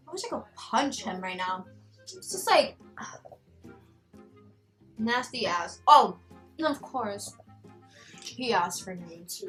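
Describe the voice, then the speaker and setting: A young woman with a slight Spanish accent, telling a personal story in a casual, animated vlog chat. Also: fairly high pitch, takes it slowly, pauses often, faint music behind, rough recording. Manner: chatty, animated, quoting others in raised voice. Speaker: vlogger.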